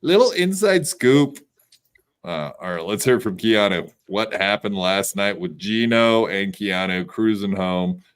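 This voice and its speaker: A man's voice: sits low, steady tone, measured pace, hardly any pauses, fairly bright tone, smooth. A man hosting a podcast, chatting casually with crude jokes and lots of fillers. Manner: crude joking, many fillers. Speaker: podcast host.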